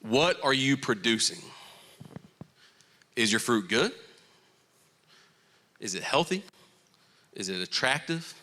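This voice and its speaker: A young Southern American man preaching a youth sermon with a bright, forceful voice. He jokes with the crowd and jumps high in pitch when teasing, then settles back into his point. He is from Florida and calls people y'all. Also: slow, pauses often. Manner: animated, joking, playful asides to the crowd. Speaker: youth pastor.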